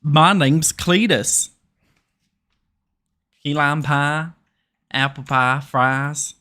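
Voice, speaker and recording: Man putting on a slow drawling Southern American guy, loud, hammy, higher and bright. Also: heavily acted. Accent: put-on American Southern. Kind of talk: live game stream.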